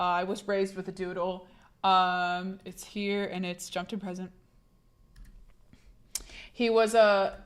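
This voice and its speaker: A young woman talks casually to her stream chat from a home desk mic. She rambles in loose, chatty runs, restarts her sentences and swears freely, at an everyday mid pitch. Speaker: livestreamer.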